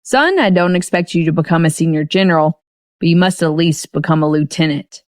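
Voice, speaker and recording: A woman's voice: low voice, brisk, darkish tone, no echo, studio quality, close to an everyday voice. A woman doing a stern lecturing young father. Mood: earnest. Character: young man, bossy husband and father.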